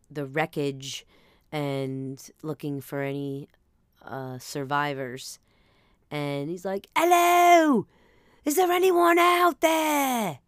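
A podcast host with a New Jersey accent delivers a comedic storytelling monologue, rambling, animated and poking fun at herself. Her low voice is very clear and smooth, recorded close and dry with no room sound.

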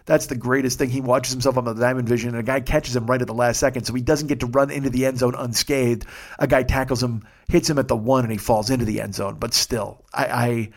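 A man from the Chicago area hosts his own podcast and talks through a long story in a loose, unscripted way. His pitch sits in the middle range and his speech is full of swearing. When the story heats up he gets louder and more animated. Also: fast. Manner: profane, animated, swells loud when excited. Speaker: podcast host. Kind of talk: casual storytelling monologue.

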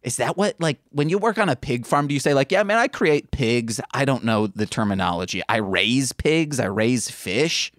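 A man co-hosting a podcast in casual chat, quick and joking, swearing and mimicking lines in funny voices. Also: mid-range voice, animated, fairly bright tone, no echo, studio quality. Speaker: podcast co-host.

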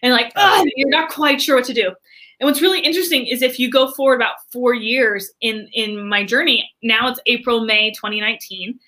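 Woman entrepreneur, high voice, super chatty storytelling, says like a lot. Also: brisk. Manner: chatty, frequent filler "like", expressive. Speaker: entrepreneur and podcast guest. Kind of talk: animated storytelling in conversation.

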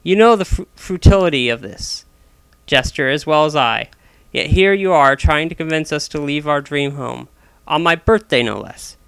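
A man's voice: fairly high pitch, moderate pace, creaky, a bit bright, smooth, no room sound. A man voicing a stubborn, blunt retired father in his sixties who scolds and swears, in a read-aloud story. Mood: scolding.

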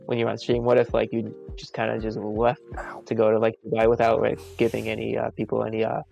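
Podcast cohost guy, flat monotone gravelly voice, rambles on and repeats himself, faint music under it. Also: lowish voice, fast, highs cut off. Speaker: podcast co-host. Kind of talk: casual live-stream chat.

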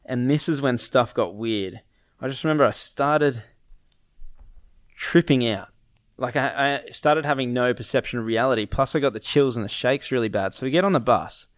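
A man's voice: mid-range voice, normal speed, no echo, clean studio sound. A young man casually telling a story, acting out his friends' lines and laughing often.

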